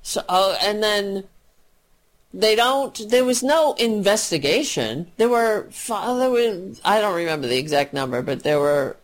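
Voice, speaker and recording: Profane, slow-talking woman ranting on radio. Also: medium pitch, lively intonation. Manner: profane, indignant, sarcastic. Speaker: fill-in radio talk host. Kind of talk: political talk radio rant.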